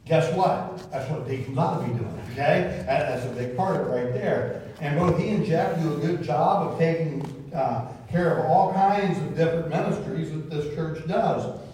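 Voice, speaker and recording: Man, pastor preaching a folksy sermon, slightly high voice, very echoey church heard from afar. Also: moderate pace, mellow, a little hiss or hum. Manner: folksy, repeats words, asks the congregation questions. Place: church sanctuary. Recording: very echoey room, distant from the mic.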